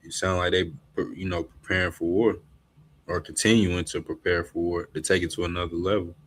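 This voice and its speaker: A man with a very deep voice talks haltingly in a casual discussion, pausing with fillers as he gathers his thought. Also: flat delivery, fairly bright tone. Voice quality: halting, hesitant speech.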